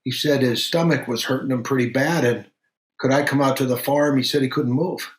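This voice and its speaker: An actor playing a middle-aged country doctor who tells a strange story in an unhurried, halting way, full of pauses and fillers. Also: male voice, medium pitch, steady tone, reverberant, close to an everyday voice. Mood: steady recounting. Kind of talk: audio drama acting.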